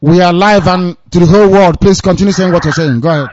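A man's voice: high-pitched, fast talker, a little mellow, slight background noise. A man hosting a live call-in radio show. He speaks formally, thanks callers again and again and repeats his phrases. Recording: muffled dry radio broadcast.

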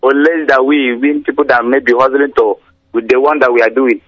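Rambling caller on muffled radio. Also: male voice, mid-range voice, fairly even intonation, a little fast, dry recording. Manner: earnest, rambling, repetitive.

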